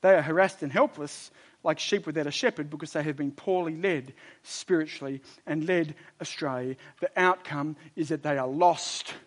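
A man with a slightly high voice preaches a sermon to a congregation at a moderate pace. He's emphatic, shifting between loud exhortation, quiet intensity, and chatty storytelling asides.

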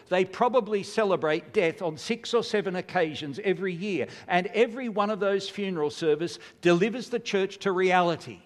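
An older man preaching a sermon, earnest and building to emphatic rhetorical questions. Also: high-pitched. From Australia. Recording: long hall reverb.

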